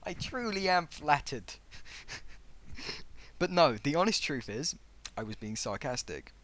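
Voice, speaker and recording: Young adult male vlogger, sarcastic, animated delivery with wide pitch swings. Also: takes it slowly. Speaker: vlogger reading out comments. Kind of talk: casual commentary on an online argument.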